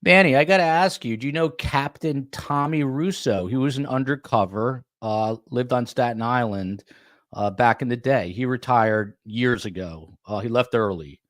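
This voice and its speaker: A man's voice: medium pitch, moderate pace, no echo, studio quality. A man hosting a true crime podcast, with a New York accent, chatting loosely with guests and full of fillers. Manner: loose, rambling, many fillers. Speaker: podcast host. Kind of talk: casual interview chat.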